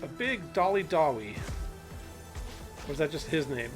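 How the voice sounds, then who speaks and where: A man's voice: a little high, huge pitch swings, a little slow, pauses often, over music. A man hosting a live game stream, chatting casually and cooing at in-game animals as he plays.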